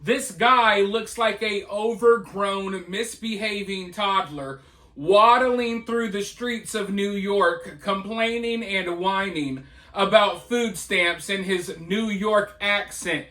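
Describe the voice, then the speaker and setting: A man's voice: high voice, slow, sharp tone. A man giving scornful, lecturing reaction commentary on a video clip. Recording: echoey room.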